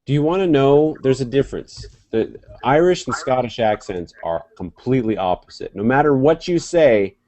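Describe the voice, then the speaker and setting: Web show host, male, animated jokey delivery, dry close sound. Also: mid-range voice, moderate pace, few pauses, no room sound. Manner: rambling, jokey, lively. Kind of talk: casual chat.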